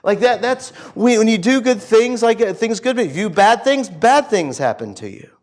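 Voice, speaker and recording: A man with a notably high voice gives a relaxed, conversational sermon in a church. He tells the story as if chatting with friends, slipping into characters' voices and piling up casual fillers. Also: normal speed. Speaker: preacher.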